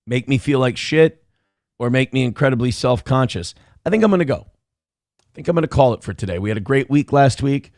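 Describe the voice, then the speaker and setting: This live-show host chats casually with his stream, reading messages aloud amid crude, self-deprecating humor and wandering asides. His medium-pitched voice comes through clean studio sound with no echo.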